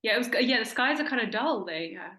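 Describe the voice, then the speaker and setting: A woman's voice: on the high side, lively intonation, a little fast, sharp tone, roomy sound. A woman hosting an interview, talking in an enthusiastic, chatty way with many fillers and restarts. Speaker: interviewer host. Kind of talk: casual interview.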